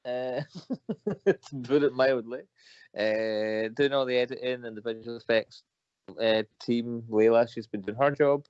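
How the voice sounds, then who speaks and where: A man's voice: medium pitch, steady tone, measured pace, darkish tone, smooth, no room sound. A man co-hosting a live stream in casual chat, playful and teasing, laughing often. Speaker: co-host. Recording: dull, lo-fi video call audio.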